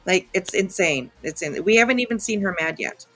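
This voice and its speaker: A woman's voice: mid-range voice, lively intonation, a little fast, fairly bright tone, soft background music. Blunt, indignant woman podcast host. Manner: blunt, indignant, swears freely. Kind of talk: reaction commentary on a played clip.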